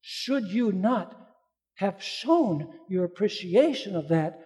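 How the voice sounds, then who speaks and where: A male preacher with a strikingly high voice delivers a sermon. He poses questions and answers them himself, then acts out the people in a parable with shifting voices. His words ring out with a long reverb in a large hall. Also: expressive, slow pace, mellow, breathy edge.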